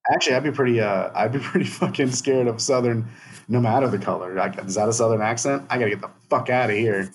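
A man's voice: mid-range voice, fast talker, husky. A man co-hosting a casual podcast, crude and blunt, laughing often. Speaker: podcast co-host. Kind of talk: casual chat.

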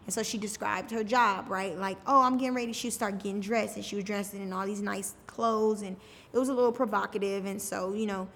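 A woman's voice: medium pitch, steady tone, fairly quick, vocal fry, slight background noise. A woman telling her own story on a podcast, casual and candid, often saying "like". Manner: casual, frequent "like" fillers. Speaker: podcast guest. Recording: reverberant room with faint music.

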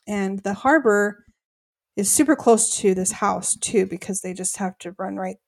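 A woman's voice: medium pitch, a little slow, vocal fry. A young woman co-hosting a podcast, retelling a reality show episode in casual chat with quoted voices. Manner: chatty, animated retelling with quoted voices and laughs. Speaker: podcast co-host.

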